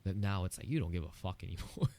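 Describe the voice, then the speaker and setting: A man's voice: low-pitched, expressive, quick pace, a little mellow. A man hosting a solo podcast, talking earnestly and candidly in a personal, encouraging monologue with casual "you know" asides. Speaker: podcast host.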